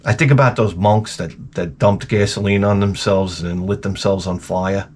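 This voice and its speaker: A man's voice: low-pitched, steady tone, moderate pace, a little hiss or hum. Man ranting casually, profane. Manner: rambling and profane, with dark jokes. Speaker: retro gaming YouTuber. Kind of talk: casual rant.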